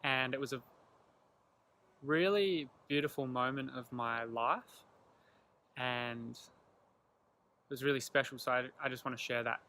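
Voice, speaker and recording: A young man telling a personal story to camera in an earnest, animated way, acting out the lines of the people in it. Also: medium pitch, unhurried, long pauses. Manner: earnest, animated retelling with quoted dialogue. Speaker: vlogger.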